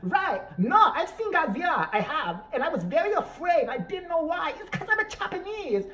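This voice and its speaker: A woman voicing a ditzy celebrity woman who fakes a clumsy foreign accent, squeaky and exaggerated. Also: very animated, normal speed, fairly bright tone, slight background noise, exaggerated voice. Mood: giddy. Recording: voice picked up from a distance.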